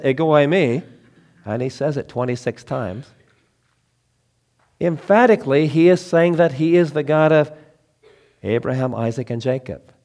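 A man preaching a sermon with emphatic, deliberate phrasing, pausing for effect and dropping to quiet, low lines between loud emphatic ones. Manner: emphatic, slow deliberate phrasing with dramatic pauses.

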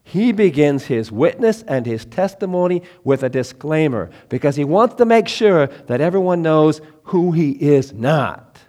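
A man preaching a sermon with emphatic, deliberate phrasing, pausing for effect and dropping to quiet, low lines between loud emphatic ones. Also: big pitch swings. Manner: emphatic, slow deliberate phrasing with dramatic pauses.

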